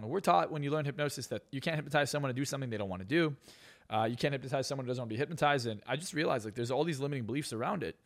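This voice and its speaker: A man, a hypnotist and success coach, telling boastful stories as a podcast guest. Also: mid-range voice. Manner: fast, boastful storytelling. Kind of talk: casual podcast interview.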